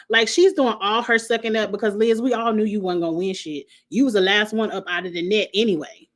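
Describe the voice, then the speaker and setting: A woman's voice: medium pitch, fairly even intonation, a little fast, fairly bright tone. A middle-aged woman recapping a reality show in casual chat, blunt and sassy, laughing at her own jokes.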